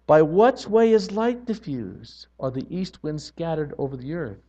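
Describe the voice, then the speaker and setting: Guy preaching a sermon, kinda high voice, earnest, gets loud and emphatic, muffled lo-fi audio. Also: animated, a little slow. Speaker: pastor.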